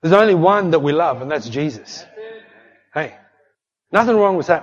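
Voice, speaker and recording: This middle-aged pastor speaks at a normal speed in a higher-than-usual, expressive voice, pausing often. His sermon is emphatic and repetitive, with frequent calls of "hey" to the congregation and "don't fret." A long hall reverb carries through the dull, lo-fi recording.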